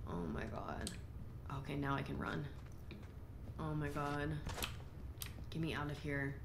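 A woman's voice: low voice, unhurried. A woman in her twenties giving jumpy, exclaiming commentary while playing a video game. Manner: jumpy, exclaiming, easily startled. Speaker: gaming YouTuber. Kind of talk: let's play commentary. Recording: echoey room, faint noise.

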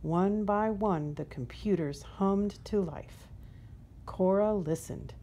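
A woman reading a children's picture book aloud in a gentle, unhurried storytelling manner. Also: medium pitch, slight background noise. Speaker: storybook reader.

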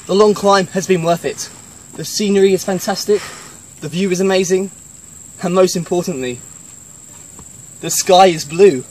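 A man's voice: high voice, moderate pace, long pauses, a little mellow. A young British man hosting a comedy travel vlog outdoors, jokey and self-mocking. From Britain. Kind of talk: comic travel vlog narration. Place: outdoors on a mountain trail.

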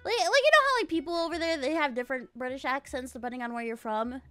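A woman's voice: sits high, fast talker, sharp tone, no room sound. A bubbly, giggly woman hosting a casual chat on a streaming mic. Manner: bubbly, giggly, exclaims often. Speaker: host.

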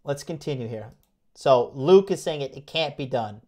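A man's voice: medium pitch, animated, normal speed, noisy background. A man hosting a livestream as a dating coach, delivering a brash, profane motivational rant with hammering repetition and mocking whiny voices.

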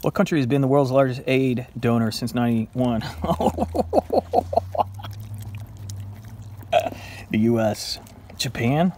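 A man at an ordinary mid pitch reads trivia questions aloud to himself and guesses the answers. He sounds playful and pokes fun at himself, sometimes turning to talk to his dog. A faint noise sits behind his voice. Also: steady tone, normal speed, darkish tone. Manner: playful, self-mocking, talks to his dog. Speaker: vlogger. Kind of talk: casual trivia self-quiz while eating.

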